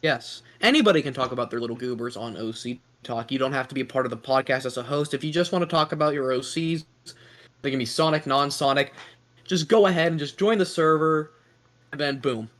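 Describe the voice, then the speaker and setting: A man's voice: medium pitch, fairly quick, a bit bright. Rambling young man hosting a podcast. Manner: joking, rambling, self-deprecating. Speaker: podcast host. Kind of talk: casual podcast chat.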